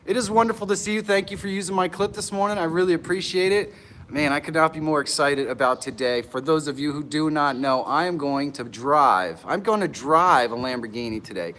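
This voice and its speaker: An excitable middle-aged man hosting a live stream from an outdoor pavilion, greeting viewers by name and laughing often, a bit nervous. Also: on the high side, fairly quick, slight background noise. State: nervous and stressed.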